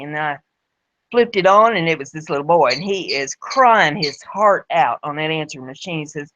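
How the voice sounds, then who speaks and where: A woman's voice: sits low, animated, normal speed, fairly bright tone, no room sound. A woman tells a homespun story with folksy phrasing and repeats herself as she goes. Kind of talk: spoken storytelling. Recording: dull lo-fi recording.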